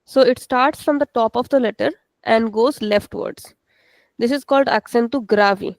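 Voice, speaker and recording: A woman's voice: fairly high pitch, normal speed, no echo. A woman teaching a language lesson, explaining step by step and checking in with "okay". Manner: switches into Hindi to explain.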